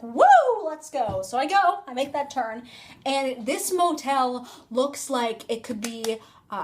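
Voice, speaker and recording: High-voiced young woman rambling storytime. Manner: chatty, rambling, filler-heavy "like". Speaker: vlogger. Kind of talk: casual storytime. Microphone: phone.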